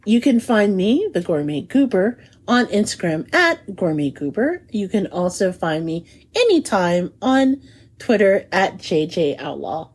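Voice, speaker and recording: A woman hosting a food podcast in casual chat, lively, laughing often and lingering over food descriptions. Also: mid-range voice, a little slow, slightly rough. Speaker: podcast host.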